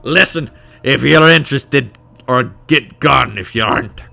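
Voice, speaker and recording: A man's voice: mid-range voice, measured pace, gravelly, pushed and bright, heavily acted. A man voicing a blunt, proud male dwarf in a wandering Scottish accent while playing a game. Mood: gruff. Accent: attempted Scottish, wandering. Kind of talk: game playthrough voice acting.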